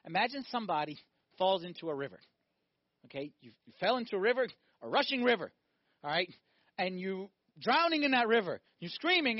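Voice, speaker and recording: A male priest giving a sermon, animated, firing off rhetorical questions and acting out little scenes. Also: sits high, fast talker, no echo, highs cut off.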